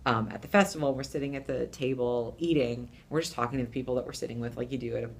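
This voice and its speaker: Middle-aged woman puppeteer with a low voice, lively anecdotes, casual interview guest, slight noise. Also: fast talker, vocal fry. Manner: animated, laughing, acts out quoted voices.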